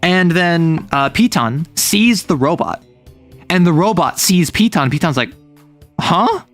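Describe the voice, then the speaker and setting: Male streamer, casual chat, animated and joking, a bit high, faint music behind. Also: a little slow. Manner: animated, joking, with playful asides. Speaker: livestreamer. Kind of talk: casual chat, summarizing a manga plot.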